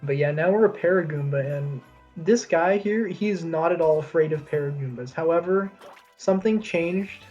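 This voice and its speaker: A man's voice: on the high side, normal speed, darkish tone, highs cut off, soft background music. A man giving chatty, knowledgeable commentary on a video game speedrun, explaining tricks as he goes.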